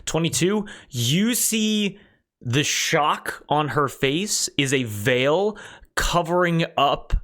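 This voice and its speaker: A man's voice: on the high side, animated, slow pace, bright, forceful tone. Rambling man running a tabletop game. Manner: rambling, many fillers and restarts. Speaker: game master.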